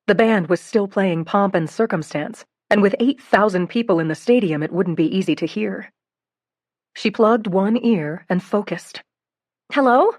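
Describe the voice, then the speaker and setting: Expressive woman audiobook narrator. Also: medium pitch, normal speed, no room sound, clean studio sound. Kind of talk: scripted narration.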